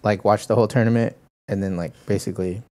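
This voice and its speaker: A man's voice: fairly low pitch, fairly even intonation, quick pace, darkish tone. A man co-hosting a podcast, telling stories in a rambling casual way full of fillers. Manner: rambling, heavy on filler words and impressions. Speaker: podcast co-host. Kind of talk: casual chat.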